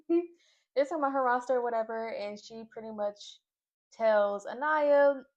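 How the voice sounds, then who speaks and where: A woman's voice: a little high, measured pace, a little mellow. A young woman from Nashville giving a casual, opinionated recap of a reality show, full of fillers and asides. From Nashville, Tennessee. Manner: chatty, opinionated, lots of fillers. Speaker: reality TV reviewer. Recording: slightly dull lo-fi audio.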